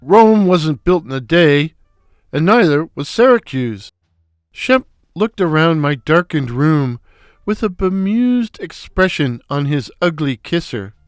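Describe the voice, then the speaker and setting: A man narrating a comic story in a wry, unhurried storytelling manner. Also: fairly high pitch, very animated, dry recording, clean studio sound.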